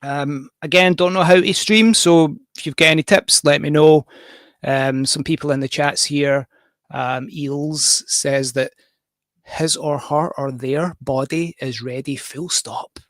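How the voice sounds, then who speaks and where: A man's voice: on the high side, steady tone, unhurried, fairly bright tone, no room sound. A Scottish man hosting a casual livestream, talking in a rambling, jokey, self-deprecating way. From Scotland. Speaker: livestream host and musician.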